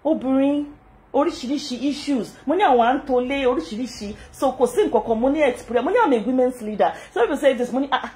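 A woman's voice: high voice, quick pace. A middle-aged Nigerian woman with a Yoruba-inflected accent, hosting a casual vlog and talking indignantly, switching between English, Pidgin and Yoruba. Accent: Nigerian, Yoruba-speaking. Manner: animated, mixing English, Pidgin and Yoruba, frequent laughter, indignant. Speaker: channel host.

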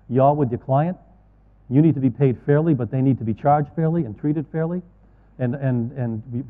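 Middle-aged man at a conference. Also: medium pitch. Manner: folksy, earnest, storytelling with asides. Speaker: conference speaker. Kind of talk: keynote talk to financial advisors. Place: large conference hall. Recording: tinny, echoey hall audio.

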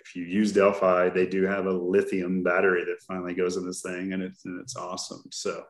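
A man's voice: low-pitched, monotone, a little fast. A man from Texas hosting a podcast in casual chat, telling stories in a laid-back, joking way with plenty of fillers, in a roomy recording. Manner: laid-back, jokey storyteller with lots of fillers. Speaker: podcast host. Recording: roomy echoey sound.

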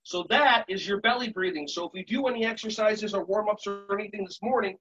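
A man leading a live group breathing and stretching warm-up, upbeat and jokey as he coaches the audience. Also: high-pitched, fairly quick, slightly rough, recorded from a distance, dull audio, soft background music. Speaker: movement and relaxation instructor. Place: conference session room.

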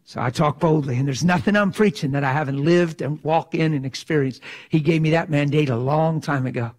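Delivering a sermon with fiery passion, a middle-aged man speaks fairly quickly in a voice that sits high for a man. He's lively and animated, slipping into mock voices to drive his points home.

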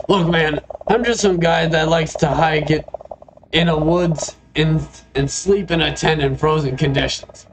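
A man voicing a jumpy male hiker camping alone in the snow, shrill and panicky, on a noisy home mic. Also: steady tone, unhurried. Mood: panicked.

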